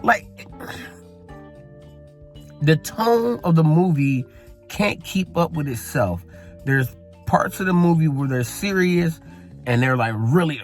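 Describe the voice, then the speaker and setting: A man's voice: fairly high pitch, animated, takes it slowly, long pauses, faint music behind. A man giving a casual, rambling movie review in a blunt manner and swearing freely.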